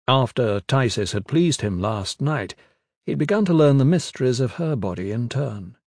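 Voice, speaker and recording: A man narrating a fantasy novel in a measured, even storytelling manner into a close studio mic. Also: medium pitch, dry recording. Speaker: audiobook narrator.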